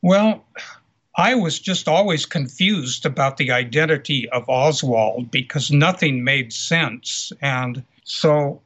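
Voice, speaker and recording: A man being interviewed as a researcher and author, explaining his findings in a measured, deliberate way. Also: mid-range voice, a bit bright. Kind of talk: interview answers. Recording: muffled lo-fi audio.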